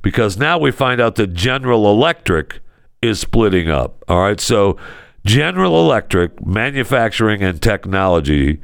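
A man with a low, gravelly voice rants through a casual comedy podcast, sarcastic and exasperated. His pitch leaps and dips with every jab. The sound is dry and close. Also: very animated, moderate pace, no room sound. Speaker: podcast co-host. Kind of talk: casual comedic talk-show rant.

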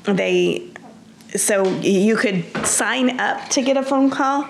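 A woman's voice: on the high side, slow, vocal fry, slight background noise. A woman guest earnestly recounting a personal story in an interview, often restarting her sentences. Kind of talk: personal testimony.

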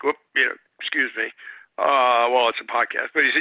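An older man, a former wrestling announcer, telling rambling stories as a podcast guest and clearing his throat often. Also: fairly high pitch, steady tone, moderate pace, dry recording. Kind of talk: anecdotal storytelling. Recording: tinny phone-like line, dry.

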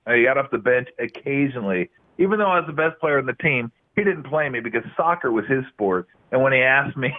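A middle-aged man trades laugh-filled stories as a guest on a talk show. His voice sits at an ordinary pitch. It comes through a narrow, tinny phone-style line, as if he is calling in remotely. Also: brisk, few pauses. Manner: animated, laughing anecdotes. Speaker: guest, former basketball player. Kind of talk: casual storytelling interview.

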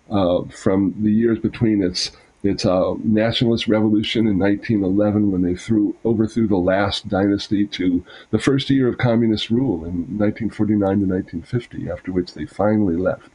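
Husky low-voiced man reading a memoir. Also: normal speed, a little mellow, low-quality recording. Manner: reads steadily, then explains with fillers and restarts. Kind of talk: reading aloud and explaining.

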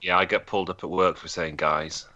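A man with a low, bright, forceful voice chats on a football podcast. He jokes and apologizes with a hesitant manner, and the sound is dry and close. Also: flat delivery, fairly quick, no room sound, lo-fi sound. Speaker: podcast panelist. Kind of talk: casual football podcast chat.

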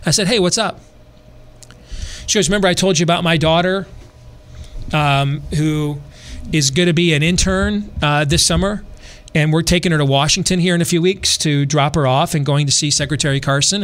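Animated man telling a story. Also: fairly high pitch, a little fast. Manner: animated, repeats himself, dry asides. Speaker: podcast host. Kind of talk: casual storytelling.

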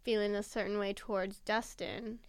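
A young woman co-hosting a podcast in casual chat, giggly and excitable, with drawn-out reactions. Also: mid-range voice, dry recording. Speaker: podcast co-host.

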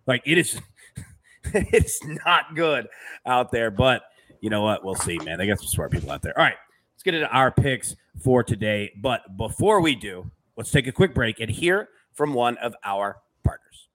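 Host, male, bright and forward tone, casual filler-heavy sports chat. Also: medium pitch, very animated, normal speed. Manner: loose, filler-heavy, reads chat comments aloud. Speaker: podcast host.

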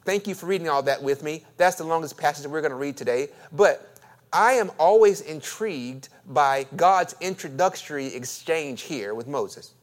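Guy preaching a sermon, kinda high voice, cracks jokes and acts out the bible bits. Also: normal speed. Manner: animated, joking, acts out voices. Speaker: pastor.

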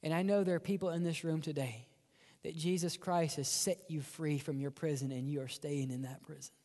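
A man's voice: a little high, steady tone, a little fast, mellow, big-room sound. A man preaching a sermon as pastor, dramatic and often dropping to a whisper for emphasis. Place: church sanctuary.

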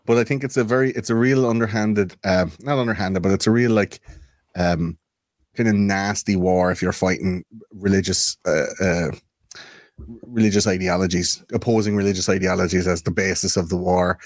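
Low-voiced, rambling podcast man. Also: steady tone, moderate pace, no echo. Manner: rambling, swears freely, searches for words. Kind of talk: casual chat.

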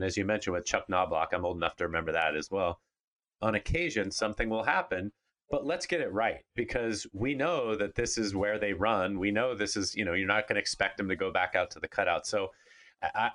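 A man who used to be a pitcher gives candid opinions on a casual sports podcast, repeating himself as he talks. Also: a bit bright. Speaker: podcast co-host, former pitcher.

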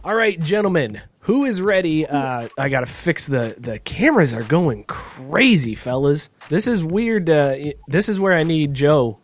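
A man's voice: on the high side, big pitch swings, unhurried, hardly any pauses. A man hosting a casual podcast chat over a video call, loose and joking, laughing often. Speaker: podcast host.

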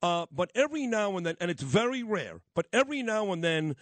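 A man hosting a casual radio interview, chatty and opinionated with quick asides. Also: high-pitched, big pitch swings, no echo. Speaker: radio host.

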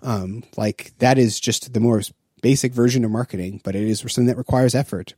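A man's voice: medium pitch, fairly even intonation, fairly quick, warm tone, breathy edge, no echo, clean studio sound. A man co-hosting a casual podcast discussion, rambling with many fillers and restarts. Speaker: podcast co-host.

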